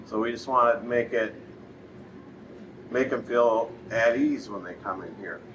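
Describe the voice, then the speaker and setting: A man co-hosting a casual business chat, talking in a relaxed, loose way. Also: mid-range voice, a little slow. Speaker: furniture store co-host. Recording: bright, distant mic with faint noise.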